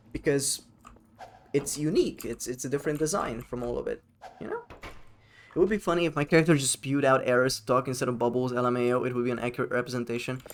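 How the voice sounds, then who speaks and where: A man's voice: mid-range voice, a little hiss or hum. Rambling, casual male game streamer. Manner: rambling, swears freely, answers chat. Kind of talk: casual live-stream chat while gaming.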